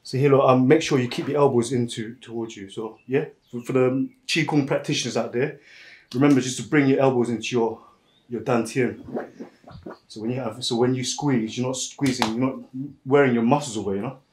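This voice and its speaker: A man's voice: mid-range voice, steady tone, fairly quick, a little mellow, echoey room, slight background noise, rough recording. A man working as a massage therapist, chatting casually and laughing often while he massages. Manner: laughs often, loose slangy storytelling.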